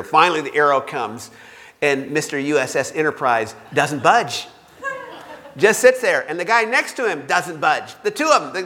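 A man's voice: on the high side, expressive, moderate pace, sharp tone. A man preaching a sermon, telling stories with self-mocking humor. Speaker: pastor. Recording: long reverb of a large hall.

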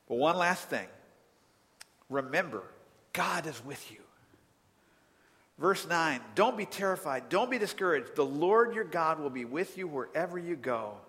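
A man preaching a sermon, telling a personal story in an animated way that swings from quiet to loud exasperation. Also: on the high side, in a large hall. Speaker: pastor.

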